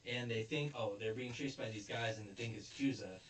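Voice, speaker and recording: A young man casually recapping an anime episode, rambling with fillers and quick quoted asides. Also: medium pitch. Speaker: anime reviewer. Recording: roomy echo, distant mic, faint ambience.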